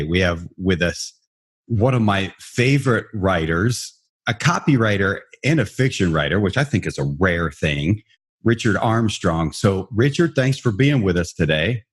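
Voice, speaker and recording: A man hosting a podcast in a relaxed, rambling, self-deprecating way. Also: deep voice, moderate pace, husky. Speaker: podcast host. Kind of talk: casual podcast chat.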